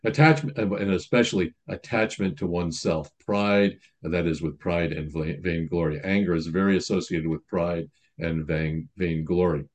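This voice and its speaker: A man's voice: sits low, fairly even intonation, moderate pace. A man priest giving a sermon in a conversational teaching manner, reading quotations aloud and explaining them.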